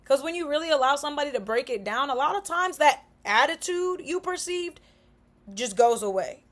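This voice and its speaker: A young woman talking frankly and casually to camera, animated and slangy, acting out what people say to each other. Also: high voice, moderate pace. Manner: frank, animated, slangy, acts out quoted remarks. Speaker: vlogger.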